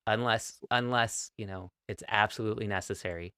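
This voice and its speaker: A man giving a relaxed, encouraging online go lesson, with a playful streak. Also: on the low side, a little fast, clear, resonant tone, no room sound, clean studio sound. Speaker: go teacher.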